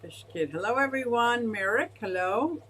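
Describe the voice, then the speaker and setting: A woman hosting a casual fish-keeping livestream, talking in an excitable, gushing way as she reads chat aloud. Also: fairly high pitch, moderate pace, rough recording. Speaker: aquarium fish-keeping streamer.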